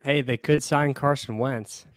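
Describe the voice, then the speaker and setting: A man on a podcast adds short, laid-back comments to the conversation. His voice sits at an ordinary male pitch, recorded dry and close. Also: steady tone, unhurried, no room sound. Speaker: podcast co-host. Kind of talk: casual chat.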